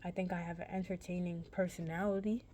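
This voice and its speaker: A woman's voice: fairly low pitch, flat delivery, fast, warm tone, a little hiss or hum. A young woman vlogger casually telling a personal story, rambling and correcting herself in a laid-back, chatty way.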